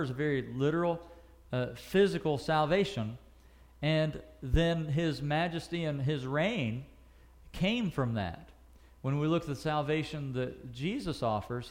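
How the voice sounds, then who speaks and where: A man teaching a Bible passage verse by verse, reading scripture slowly and asking his listeners questions, with frequent fillers and self-corrections. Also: fairly high pitch.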